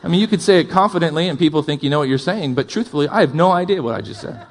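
A male pastor preaching a sermon, impassioned, with loud emphatic build-ups, quieter asides and jokes for the congregation. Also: on the high side, rapid-fire.

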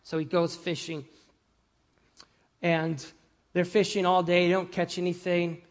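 A man preaching a sermon in a conversational way, often asking "right?" and "amen?", moving between loud emphasis and hushed, soft lines. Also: high-pitched, little pitch movement, unhurried. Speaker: pastor.

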